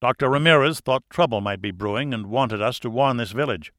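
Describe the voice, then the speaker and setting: A man voicing a steady, wry male researcher who speaks in an even, matter-of-fact way. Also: medium pitch, a little fast, no room sound, studio quality, close to an everyday voice.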